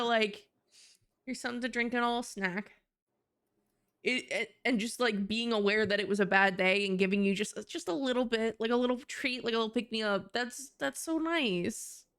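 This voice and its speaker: A woman's voice: on the high side, a bit bright, clean tone. A young woman streamer in casual live-stream chat, rambling with lots of fillers and casual swearing.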